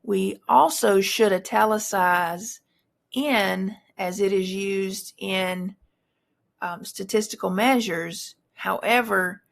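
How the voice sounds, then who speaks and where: A woman's voice: mid-range voice, slow pace, vocal fry. A woman instructor explaining formatting rules in a recorded tutorial, talking through examples with frequent fillers and restarts.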